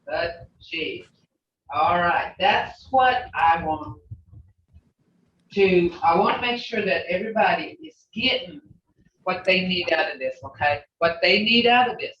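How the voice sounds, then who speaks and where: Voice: medium pitch, lively intonation, measured pace, a little hiss or hum. A language teacher leading an online class, encouraging and patient, often saying "okay" and "you know" and laughing. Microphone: video call. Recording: echoey lo-fi video call audio from far off the mic.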